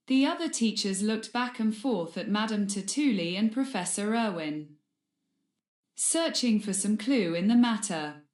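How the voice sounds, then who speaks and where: A woman reads a fan fiction audiobook aloud in a steady, expressive way. Her voice sits at a middle pitch and has a roomy echo around it. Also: measured pace. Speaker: audiobook reader.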